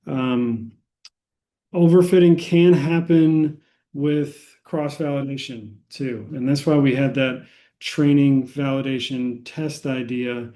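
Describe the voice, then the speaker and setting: American man, statistics instructor, slow and mellow, lots of ums and restarts. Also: medium pitch, fairly even intonation. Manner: frequent fillers and restarts, unhurried explaining. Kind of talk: lecture.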